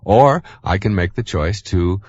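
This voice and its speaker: A man in his fifties giving an anecdotal motivational talk on tape, animated and full of fillers as he acts out quotes. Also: low voice, unhurried, husky, lo-fi sound. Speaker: self-help author and speaker.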